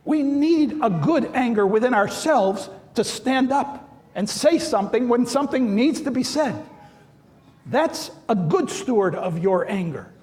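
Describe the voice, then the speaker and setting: A male priest giving a sermon, telling stories with animated, acted-out quotes. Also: extremely high pitch, unhurried. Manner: animated storytelling, acts out quoted voices. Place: large church. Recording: long church reverb.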